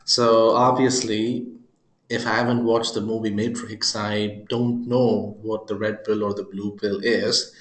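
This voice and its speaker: Man presenter, unhurried delivery, jokey asides, demo narration, roomy echo. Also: on the low side, little pitch movement. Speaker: software presenter. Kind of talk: screen-recorded product demo.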